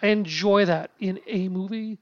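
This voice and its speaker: A man chatting casually about a film, halting often with restarts, fillers and casual swearing. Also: high-pitched, no room sound. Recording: dull lo-fi sound.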